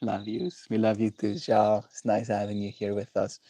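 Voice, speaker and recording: A man's voice: fairly low pitch, monotone, moderate pace, dark tone. A man chatting casually with his live-stream viewers, playful and rambling, often checking in with "right?". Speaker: livestreamer reading chat.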